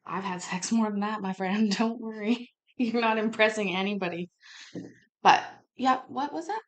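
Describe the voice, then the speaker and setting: A woman's voice: mid-range voice, moderate pace. A woman hosting a show, reacting to court footage with crude, sarcastic and mocking remarks in a casual way. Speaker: host commenting on court footage.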